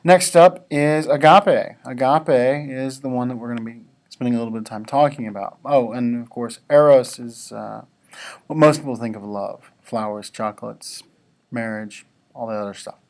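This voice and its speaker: A man with a medium-pitched voice gives a devotional talk to students at a normal speed. He's relaxed and conversational, tossing casual asides to his listeners.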